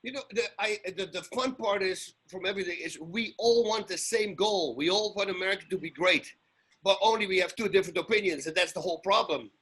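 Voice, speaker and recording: Husky man searching for words. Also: high voice, fairly bright tone. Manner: halting, searches for words, repeats himself. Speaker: guest. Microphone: video call.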